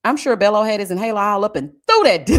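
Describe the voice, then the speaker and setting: Animated chatty woman hosting a live stream. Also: medium pitch, noisy background. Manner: animated, laughs often, drawn-out murmurs of agreement; chatty, talks straight to viewers. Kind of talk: casual live-stream commentary reading chat comments.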